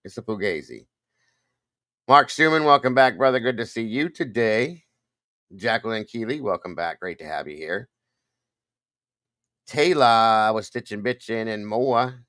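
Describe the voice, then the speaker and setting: A man's voice: fairly low pitch, expressive, unhurried, long pauses, bright, forceful tone, dry recording. An older man hosting a casual livestream, rambling and greeting viewers one by one by name. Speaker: livestream host.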